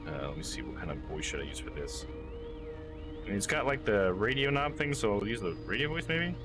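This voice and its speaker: Low-voiced man streaming a game. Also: lively intonation, brisk, over music. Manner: chatty, reads game text aloud, talks to chat. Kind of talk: live game stream with narration.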